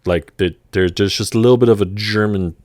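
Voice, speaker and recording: Low-voiced guy teaching german words, chatty and loose, dry close sound. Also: brisk, no room sound. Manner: relaxed, chatty, with fillers and restarts. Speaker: language teacher. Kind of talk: casual vocabulary lesson.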